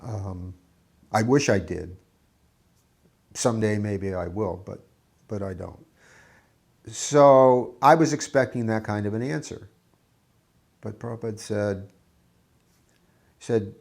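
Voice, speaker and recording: A man recalling old memories in an interview, talking in a reflective, earnest way with halting restarts. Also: fairly low pitch, creaky, a little mellow. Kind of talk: reminiscing interview.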